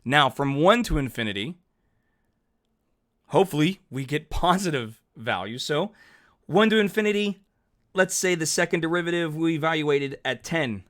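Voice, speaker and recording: A man's voice: on the high side, lively intonation, normal speed, a bit bright. A man teaching calculus over a digital whiteboard, chatty and upbeat, thinking aloud and correcting himself as he writes each step. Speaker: math teacher. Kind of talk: narrated whiteboard math lesson.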